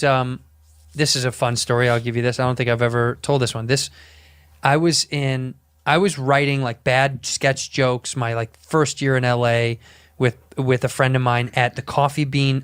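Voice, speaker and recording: A man casually telling a story, swearing freely and acting out the quotes in an animated way. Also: medium pitch, normal speed, clear, resonant tone, dry recording. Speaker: storyteller guest.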